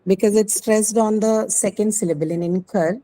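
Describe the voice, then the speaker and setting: A woman's voice: mid-range voice, fairly even intonation, normal speed, dark tone, low-quality recording. A woman teacher explaining a grammar point patiently in an online class, often checking in with the students. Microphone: video call.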